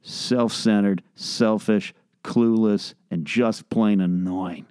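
A middle-aged man rants sarcastically about everyday annoyances, his voice smooth and resonant. He sounds exasperated and now and then squeals out mock beeps. The recording is close and dry, with no room sound. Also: steady tone, slow pace, a little mellow, no room sound. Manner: exasperated, sarcastic, mimics beeping in a high squeal. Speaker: podcast host. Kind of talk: comedic solo rant. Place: home bedroom.

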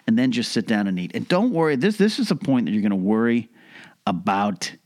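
A young adult man delivering a casual, mock-serious comedic monologue with animated, rhetorical asides. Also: fairly low pitch, fairly quick.

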